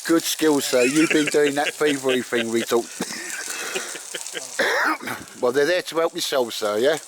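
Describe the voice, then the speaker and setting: A man's voice: fairly high pitch, takes it slowly, fairly bright tone. A man hosting a bushcraft vlog in the woods, chatting casually and encouraging others, calling everyone mate and sir. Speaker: bushcraft vlogger and host. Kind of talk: casual outdoor chat. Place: in the woods outdoors. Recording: outdoor recording with background noise.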